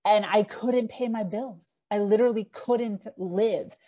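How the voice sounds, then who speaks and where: A middle-aged woman speaks as a podcast guest, recounting her past frankly. She talks in a loose, unpolished way, full of fillers and quoted back-and-forth. Her voice sits at an ordinary middle pitch for a woman. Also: a little slow, warm tone, dull audio. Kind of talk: candid personal storytelling.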